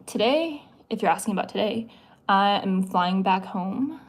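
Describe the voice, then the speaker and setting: A woman's voice: mid-range voice, slow, long pauses. A young woman from the US Midwest hosting a casual livestream, answering chat questions in a chatty, playful way. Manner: chatty, playful, with many likes and giggles.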